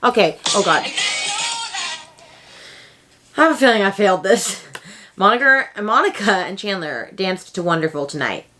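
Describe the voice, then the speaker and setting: Chatty, excitable young woman book vlogger. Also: brisk, a little hiss or hum. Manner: chatty and excitable, with sudden high exclamations. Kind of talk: casual chat.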